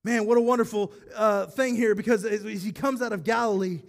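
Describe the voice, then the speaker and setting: A male pastor delivering a sermon with eager, conversational energy. His voice sits high for a man. He slips in self-deprecating jokes between his points. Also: steady tone, a little fast, creaky.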